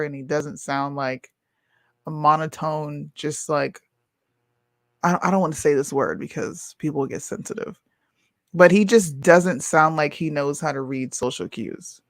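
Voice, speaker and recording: A woman's voice: sits low, dry recording, clean studio sound. A woman co-hosting a casual talk show, blunt and exasperated, sometimes reading posts aloud. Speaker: podcast co-host. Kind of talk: casual chat.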